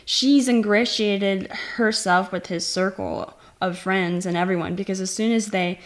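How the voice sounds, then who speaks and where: A woman giving a casual movie review, chatty and animated, acting out lines from the scenes she retells. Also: mid-range voice, unhurried. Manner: chatty, many "like" fillers.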